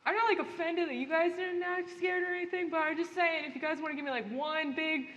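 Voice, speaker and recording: A woman's voice: very high voice, steady tone, quick pace, fairly bright tone, in a large hall, muffled recording. A woman voicing a laid-back, chatty male ghost who rambles with lots of fillers. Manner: rambling, upbeat, filler-heavy. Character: mild chatty male ghost, casual office-worker temper.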